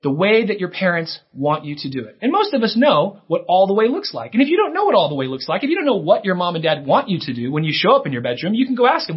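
Brief: male pastor, children's sermon, lively husky delivery, somewhat high voice, dull lo-fi sound. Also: fast talker, few pauses. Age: adult. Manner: animated, acts out kids' lines in a higher voice. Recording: dull lo-fi recording.

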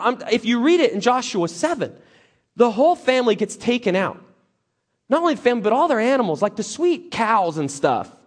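A man preaching a sermon as lively storytelling, joking and acting out the characters. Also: very high-pitched. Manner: animated, jokey, acts out characters.

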